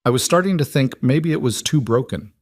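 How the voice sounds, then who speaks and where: Man playing a six-year-old girl, perceptive, matter-of-fact, raised pitch, dry sound. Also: lively intonation, a little fast, dry recording, natural voice. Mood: earnest. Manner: matter-of-fact, patient, earnest.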